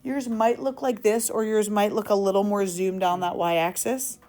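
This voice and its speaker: A woman teaches a class in an upbeat, playful way, quizzing the students as she works. Her voice sits at a middle pitch. She sounds like she is talking in a classroom. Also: steady tone, normal speed, dark tone. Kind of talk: classroom lesson.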